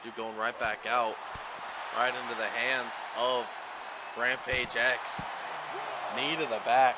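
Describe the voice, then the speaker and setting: A man doing play-by-play commentary over a video game wrestling match, calling moves quickly and getting louder at near-falls. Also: mid-range voice, over a noisy crowd, heavy background noise. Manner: rapid play-by-play calls, rising excitement at near-falls.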